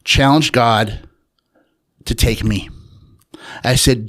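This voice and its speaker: A man telling his personal story as an interview guest, in a reflective, unhurried way with pauses and fillers. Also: mid-range voice. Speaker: interview guest, author and researcher.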